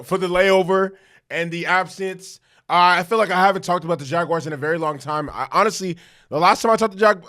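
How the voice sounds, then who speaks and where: A man's voice: fairly high pitch, a bit bright. A man giving a casual fan reaction to his team's win, talking in hyped, profane, rambling bursts and tagging points with "okay?". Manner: hyped, repeats "okay?" for emphasis; profane, self-correcting rambles. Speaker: sports fan commentator.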